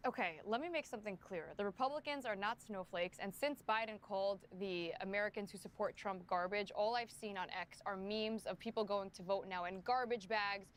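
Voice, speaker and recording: A woman's voice: mid-range voice, brisk, hardly any pauses, slight background noise. A woman speaking as a political commentator guest in a televised debate, firm and emphatic.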